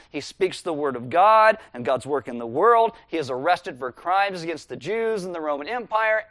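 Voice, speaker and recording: A male pastor preaching a sermon in a relaxed, conversational way, walking listeners through scripture verse by verse. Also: a little high, dry recording.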